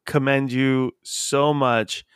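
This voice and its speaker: A man hosts a casual podcast chat in a playful, easygoing way. His voice is smooth and resonant, and the sound is dry and close with little room echo. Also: medium pitch, flat delivery, takes it slowly, fairly bright tone. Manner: chatty, laughs easily, playful. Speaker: podcast host.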